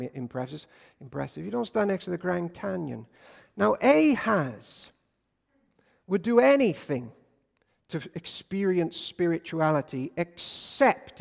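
A man preaching a sermon, telling stories and swinging between loud bursts and hushed lines. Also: a little high, gravelly. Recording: long hall reverb.

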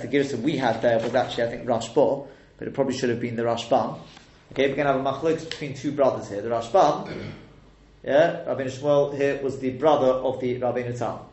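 A man's voice: mid-range voice, a little mellow, muffled recording, a little hiss or hum. A man teaching a text lesson, explaining step by step and quizzing his listeners with rhetorical questions. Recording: echoey room.

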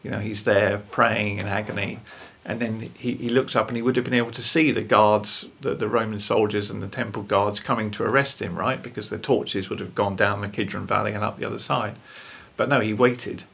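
An older man, talking earnestly about faith as a guest, with a gravelly, husky voice and tag questions. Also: on the low side, fairly even intonation, a little fast, hardly any pauses, fairly bright tone. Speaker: guest speaker.

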